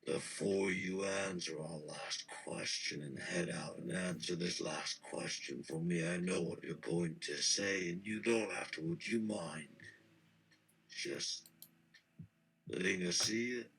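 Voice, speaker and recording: A man hosting a live show, reading out questions in a measured, deadpan, coaxing way. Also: sits low, gravelly, far from the mic, rough recording. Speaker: livestream host.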